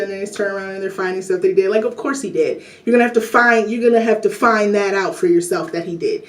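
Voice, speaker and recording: A woman's voice: medium pitch, expressive, quick pace, a little mellow. A woman vlogger rambling through casual political commentary, full of "you know" and "like," and laughing often. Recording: roomy echo, distant from mic.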